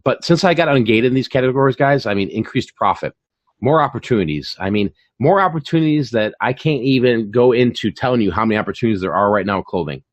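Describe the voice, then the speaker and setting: Animated, chatty man, dry close sound. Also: medium pitch, fast talker, no echo, highs cut off. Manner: animated, chatty, full of fillers and repeats. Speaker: channel host and online reseller. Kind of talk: casual chat on a live stream.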